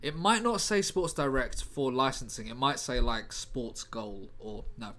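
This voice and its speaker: A man's voice: mid-range voice, measured pace, pushed and bright. A young man chatting casually on a live stream, joking with his chat as he types. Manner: chatty and jokey, banters with chat. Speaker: streamer writing a film script live. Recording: faint music behind.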